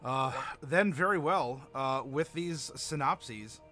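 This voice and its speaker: A man running a streamed tabletop game as game master, chatty and halting with lots of fillers. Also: medium pitch, pushed and bright, soft background music. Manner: chatty, halting, many fillers, laughs easily.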